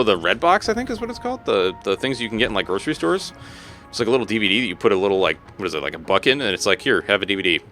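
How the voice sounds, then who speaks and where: A man in his thirties streaming a game live, joking and swearing freely as he chats with his viewers. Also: fairly low pitch. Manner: animated, joking, swears freely, talks to chat. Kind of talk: casual live-stream chat while gaming.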